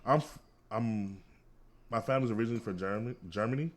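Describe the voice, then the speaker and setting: A man's voice: on the low side, fast. A man co-hosting a casual food podcast, easygoing and rambling, with lots of fillers. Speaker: podcast co-host.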